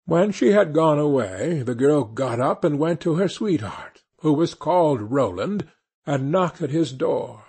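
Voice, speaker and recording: Slow, husky male storyteller. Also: a little high, lively intonation, a little mellow. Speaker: audiobook narrator. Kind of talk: scripted fairy tale narration.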